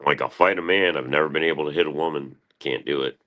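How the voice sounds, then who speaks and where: A young man with a very low, deep voice rambles through a morning stream monologue. He swears freely and keeps referring to himself in the third person. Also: quick pace, bright, forceful tone. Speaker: live streamer.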